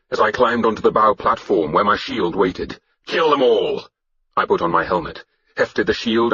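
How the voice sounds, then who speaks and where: Man, husky and breathy, lowish voice, first-person audiobook narration, measured and grave. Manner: measured, grave storytelling with shouted battle cries. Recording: dull lo-fi audiobook recording.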